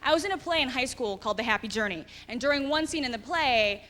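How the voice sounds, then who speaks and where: High-voiced woman doing stand-up. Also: fast talker. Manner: animated, acts out the people in her story. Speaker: stand-up comedian. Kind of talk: stand-up comedy. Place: large theater stage. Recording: reverberant hall with loud crowd. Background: audience laughter.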